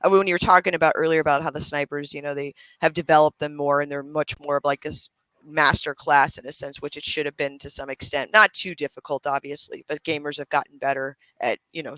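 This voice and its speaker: A man's voice: fairly high pitch, clear, resonant tone, no echo, poor audio. A man hosting a casual chat, telling gaming stories with lots of swearing and acted-out quotes. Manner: animated storyteller, swearing, acting out quotes in raised voices. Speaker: podcast host.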